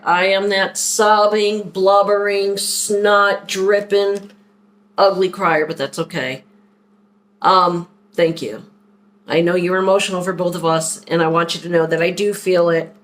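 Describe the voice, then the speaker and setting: A woman talking openly and at length in a personal vlog, rambling and heartfelt as she speaks to a viewer. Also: lowish voice. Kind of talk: candid personal vlog talk.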